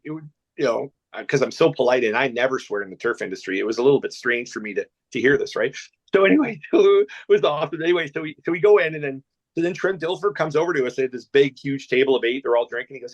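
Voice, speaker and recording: A man from Canada is telling a long, rambling story as a guest. His delivery is animated and full of restarts, and his voice sits in a middle pitch. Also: quick pace, dull audio. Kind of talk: storytelling anecdote.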